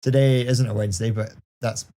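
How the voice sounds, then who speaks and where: A man's voice: mid-range voice, steady tone, a little fast, warm tone. A man in his thirties hosting a podcast in casual chat, joking and bantering with puns. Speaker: podcast host.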